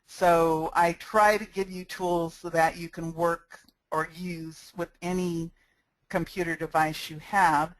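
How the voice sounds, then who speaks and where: A woman's voice: fairly low pitch, little pitch movement, slow pace, dry recording, poor audio. A woman giving a step-by-step screencast tutorial into a cheap headset microphone, friendly and practical, talking with a smile. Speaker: sales marketing instructor.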